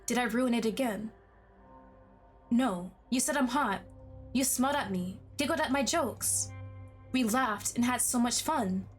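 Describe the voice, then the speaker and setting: A woman voicing an obsessive, possessive young man in a game, pleading and then turning menacing, her line endings sinking low and hushed. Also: close to an everyday voice. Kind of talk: game dialogue read aloud.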